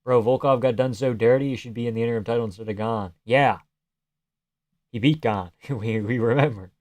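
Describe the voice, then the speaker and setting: In a casual live stream, a man reads his viewers' messages and responds playfully, sometimes lowering his voice to a near-whisper. He speaks a little fast in a mid-range voice with a darkish tone.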